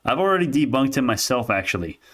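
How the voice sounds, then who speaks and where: A young adult man giving casual, animated stock commentary on a live stream, arguing with chat and laughing often. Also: mid-range voice, fast talker.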